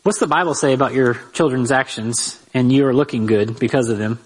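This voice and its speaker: A man teaching a conversational Bible lesson on parenting, lively and talking straight to his listeners with rhetorical asides. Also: medium pitch, brisk, slightly rough, rough recording.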